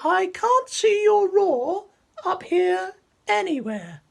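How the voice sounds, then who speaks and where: A gentle giraffe lady, put on by a man, speaking in a very high, slow, sing-song voice in a storybook telling. She sounds kindly and apologetic. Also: very animated, vocal fry, full character voice. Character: kind, tall female giraffe.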